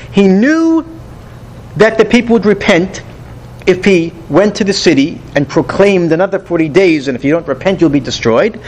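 A man teaching a Bible study lesson, animated and rhetorical, who asks questions and then answers them himself. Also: high voice, poor audio.

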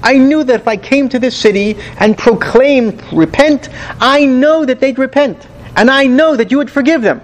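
A man's voice: very high-pitched, normal speed, pitched above the performer's own voice, rough recording. A man voicing the prophet Jonah as a grieving, upset adult man who pleads with God in exasperation. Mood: exasperated.

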